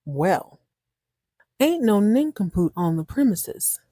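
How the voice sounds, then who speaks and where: Lively woman recapping a soap, dry close mic. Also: mid-range voice, slow, no room sound. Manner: animated, slangy, laughs often. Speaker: podcast host. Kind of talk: casual soap opera recap.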